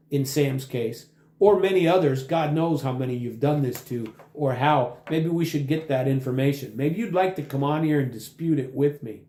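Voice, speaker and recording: A man's voice: on the high side, dark tone, echoey room. A man hosting a podcast, talking in a combative, sarcastic monologue. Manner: combative, sarcastic, addresses opponents directly. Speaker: podcast host. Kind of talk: talk show monologue.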